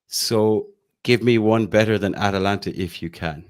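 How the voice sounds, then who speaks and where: A man's voice: fairly low pitch, normal speed. An Irish man from Galway co-hosting a football podcast, rambling enthusiastically and often restarting his sentences. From Ireland, County Galway. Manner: rambling, self-correcting, enthusiastic. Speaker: podcast co-host. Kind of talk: casual football podcast chat.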